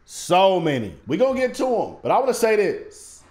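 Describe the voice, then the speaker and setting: A man's voice: high voice, normal speed. Hyped male commentator, roomy echo. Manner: hyped, expressive. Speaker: video host. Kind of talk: casual commentary. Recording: roomy echo with faint music.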